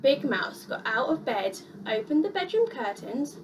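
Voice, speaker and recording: A woman reading a children's picture book aloud in an expressive, sing-song storyteller manner. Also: a little high, measured pace, hardly any pauses, recorded from a distance, a little hiss or hum.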